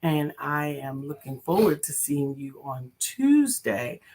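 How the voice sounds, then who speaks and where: A woman's voice: low voice, very animated, slow pace. Earnest woman co-hosting a faith talk show. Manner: warm, earnest, praying aloud. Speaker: co-host and coach. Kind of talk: live talk show with spoken prayer.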